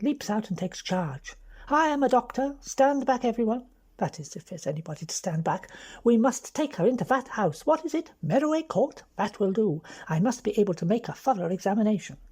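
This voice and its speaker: A woman doing a brisk, bossy young lady. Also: mid-range voice, lively intonation, warm tone, breathy edge, voice pushed up. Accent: English. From London. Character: bold young aristocratic woman schemer.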